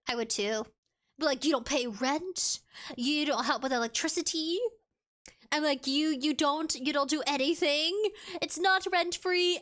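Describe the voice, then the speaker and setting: A woman's voice: high voice, a little slow, fairly bright tone. A woman chatting casually on a live stream, reading viewer comments aloud and giggling often in a playful way.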